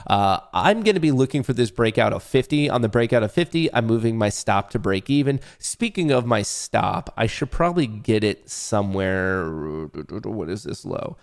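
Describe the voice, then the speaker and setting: His voice sits on the low side, creaky yet expressive, at a normal speed with few pauses. He's a young man running a live day-trading stream, joking around, swearing, and talking loosely to chat as he comments on trades.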